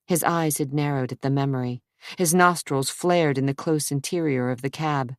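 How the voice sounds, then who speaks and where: A woman reads a suspense novel aloud with a notably low voice and measured, steady delivery. The recording is dry and close, with no room around her. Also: dry recording. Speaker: audiobook narrator. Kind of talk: scripted narration.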